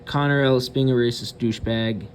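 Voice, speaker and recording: A man's voice: medium pitch, steady tone, fairly quick, slight background noise. Blunt, cursing man ranting. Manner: blunt and cursing, with frequent hesitant "um" fillers. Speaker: channel host. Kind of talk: profane ranting commentary.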